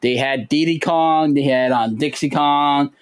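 Male co-host, fairly high voice, animated casual talk, quotes people in high squeaky voices. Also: a little slow, clean tone, low-quality recording. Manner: animated, jumps into high voices when quoting. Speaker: podcast co-host. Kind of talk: casual chat.

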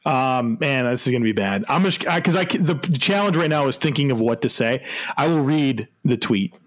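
A man's voice: medium pitch, lively intonation, brisk. A man co-hosting a casual sports podcast, laughing often and restarting his sentences. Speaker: podcast co-host.

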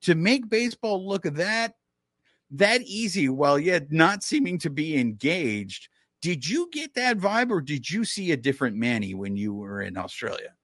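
A man's voice: fairly high pitch, very animated, moderate pace, fairly bright tone, dry recording, clean studio sound. A man hosting a podcast, asking long, enthusiastic, rambling questions in a casual chat. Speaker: podcast host.

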